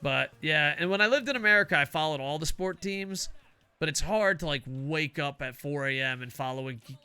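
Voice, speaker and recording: A man's voice: on the high side, fairly quick, sharp tone, clear, resonant tone. An older man, a semi-retired teacher, rambling casually and profanely while streaming a game, laughing often. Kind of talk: casual chat while gaming.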